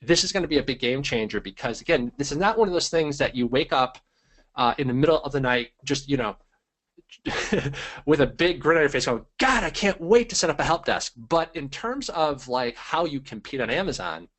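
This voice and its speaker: A man hosting a live online training webinar, energetic and hyped-up, greeting viewers by name and talking with lots of fillers. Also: mid-range voice, normal speed. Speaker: webinar host.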